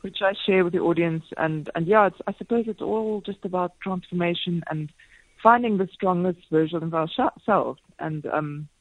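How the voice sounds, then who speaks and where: A woman in her forties, a radio guest telling stories in a lively, self-deprecating way, laughing often. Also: on the low side, moderate pace, no echo, phone-quality sound. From South Africa. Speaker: marathon swimmer and speaker, radio guest. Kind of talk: casual radio interview chat. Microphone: phone line into radio studio.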